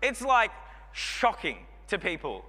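A man's voice: high-pitched, wildly swooping pitch, slow, pushed and bright. A man in his thirties with an Australian accent, preaching a sermon in a chatty, joking, rambling way full of fillers. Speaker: pastor. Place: church hall. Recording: long hall reverb.

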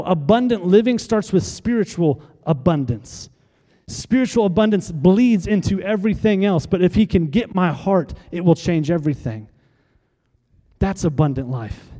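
High-voiced man preaching in a reverberant hall. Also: mellow. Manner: preaching with emphatic repetition and call-and-response. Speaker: pastor. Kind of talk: sermon.

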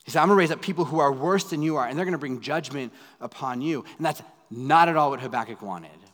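A man in his thirties, a pastor preaching a sermon in a dramatic way, going from loud pleading to hushed asides. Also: fairly high pitch, quick pace. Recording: long hall reverb.

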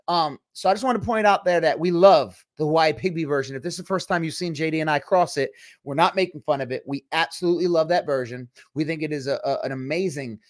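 A man hosting a Christian livestream show, talking in a chatty, rambling way with quick asides. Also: a little high, no room sound, clean studio sound. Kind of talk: casual livestream chat.

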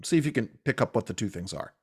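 A man hosting a political talk show, speaking in a halting way with many restarts and fillers. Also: medium pitch, lively intonation, breathy edge. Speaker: radio talk show host.

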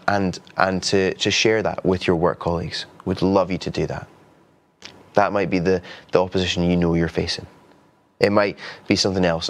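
A man preaching a sermon in an earnest, conversational way, with frequent restarts. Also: low voice. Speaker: pastor.

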